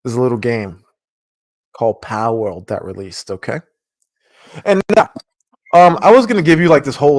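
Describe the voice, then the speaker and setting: A man co-hosting a casual gaming podcast, talking in an excitable, rambling way with frequent swearing while he has the hiccups. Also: medium pitch, a little fast, long pauses. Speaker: podcast co-host.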